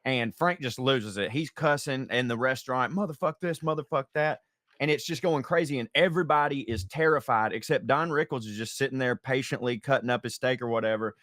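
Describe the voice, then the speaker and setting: A man with a Southern US accent, co-hosting a podcast and telling jokes in a casual chat, jumping into loud put-on voices. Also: mid-range voice, a little fast, hardly any pauses, dry recording, clean studio sound. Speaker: podcast co-host.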